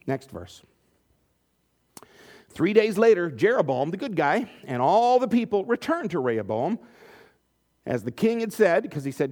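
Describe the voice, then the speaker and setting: A man's voice: high-pitched, sing-song, measured pace, pauses often, a little mellow. A man preaching a sermon, reading scripture and acting out the quotes with joking asides. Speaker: pastor.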